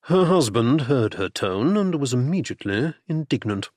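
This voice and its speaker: This is scripted audiobook narration from a man whose voice sits in the middle range. He tells the story expressively yet steadily, and the studio-quality audio has no echo.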